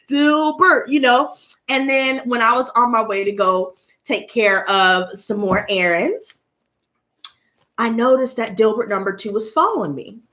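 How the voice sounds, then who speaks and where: A woman tarot reader chatting casually to her viewers, telling an animated story and addressing them directly. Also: on the high side, a little hiss or hum.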